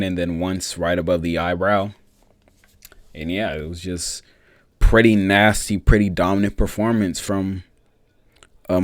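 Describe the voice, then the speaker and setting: A young man with a very deep voice talks through fights in a loose, rambling vlog, swearing freely and getting worked up. His voice sits close and dry on the mic with no room around it. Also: no room sound. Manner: profane, rambling, excitable. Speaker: MMA vlogger. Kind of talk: casual fight breakdown.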